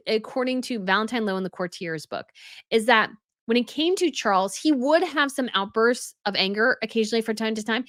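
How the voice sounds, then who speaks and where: A woman's voice: on the high side, no room sound, clean studio sound. A woman giving casual news commentary as a channel host, chatty and full of fillers.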